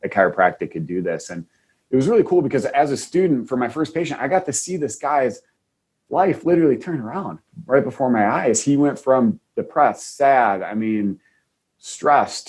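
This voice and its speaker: This Wisconsin chiropractor, a man guesting on a podcast, has a medium-pitched, darkish voice with a breathy edge. He earnestly tells a heartfelt personal story, often restarting his sentences.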